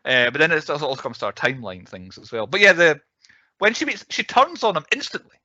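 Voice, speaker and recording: A man's voice: on the high side, wildly swooping pitch, fairly quick, pushed and bright, no echo, highs cut off. A young adult man co-hosting a podcast in casual chat, talking at length and laughing often. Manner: chatty, laughs often, acts out quotes. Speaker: podcast co-host.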